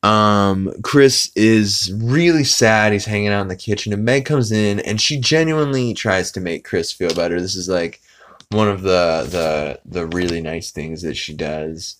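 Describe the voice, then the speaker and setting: Low-voiced man rambling through a recap. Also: a little slow, slight background noise. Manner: rambling and animated, acts out character lines. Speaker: podcast host. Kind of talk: casual episode recap.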